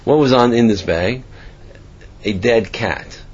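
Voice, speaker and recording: A man's voice: medium pitch, slow, slightly rough, lo-fi sound. A man giving a sermon and telling parables, asking himself questions as he goes. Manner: storytelling, animated, asks himself questions.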